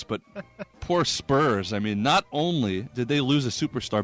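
A man hosting a comedy sports segment, delivering rapid jokes and laughing at his own punchlines. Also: mid-range voice, fairly bright tone.

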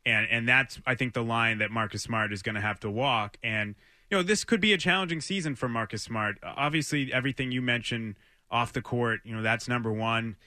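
A man co-hosting a sports talk radio show, giving articulate, measured analysis. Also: mid-range voice, sharp tone, no room sound, clean studio sound.

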